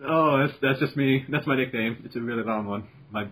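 A man's voice: medium pitch, brisk, fairly bright tone, rough recording. A man hosting a casual podcast chat, with a dry, sarcastic humor and R's that come out like W's. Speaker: podcast host.

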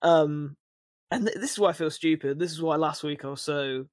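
A man's voice: fairly high pitch, normal speed, darkish tone, no echo. A man co-hosting a podcast, chatting casually and rambling, with frequent restarts and filler words. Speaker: podcast co-host.

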